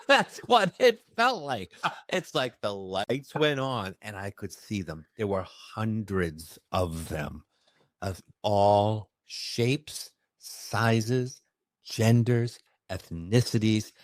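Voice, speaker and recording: A man who works as a medium, telling a personal story in an expressive, emphatic way during a conversation. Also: on the low side, no echo, clean studio sound. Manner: expressive, emphatic, with bursts of fast speech. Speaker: medium recounting his experiences.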